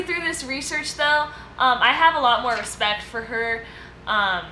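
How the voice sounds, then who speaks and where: A woman's voice: on the high side, unhurried. A woman co-hosting a casual podcast discussion, presenting her segment in a loose, chatty way with lots of fillers and easy laughter. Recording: echoey room with steady background noise.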